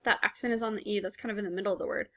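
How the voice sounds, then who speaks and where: Bright-voiced woman teaching a lesson. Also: mid-range voice, fairly even intonation, racing. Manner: patient, explanatory, casual fillers. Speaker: Spanish teacher. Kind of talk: recorded classroom lesson.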